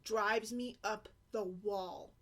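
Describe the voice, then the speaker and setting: A woman's voice: medium pitch, steady tone, slow pace, a bit bright. Fed up mom ranting casually, blunt, keeps hammering her point. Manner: exasperated, blunt, emphatic. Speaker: single mom blogger. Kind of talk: casual vlog rant.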